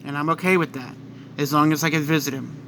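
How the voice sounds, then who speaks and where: A resolute young wife, played by a man, firm and pleading. The pitch sits raised and the timbre is bright. A faint noise runs underneath. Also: fairly even intonation, fast talker. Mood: determined. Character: determined young wife, grieving but resolute.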